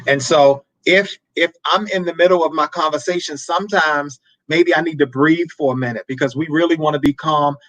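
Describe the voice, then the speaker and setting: A man hosting a marriage advice show, talking in a preacherly way, repeating words and breaking into animated asides. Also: on the high side, fairly quick, hardly any pauses, no room sound, muffled recording. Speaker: marriage talk show host.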